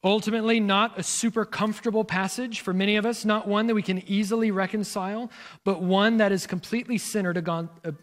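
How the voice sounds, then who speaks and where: High-voiced pastor preaching an expository sermon. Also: male voice, steady tone, fast talker, fairly bright tone. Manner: expository, poses rhetorical questions; directs listeners to turn in their Bibles.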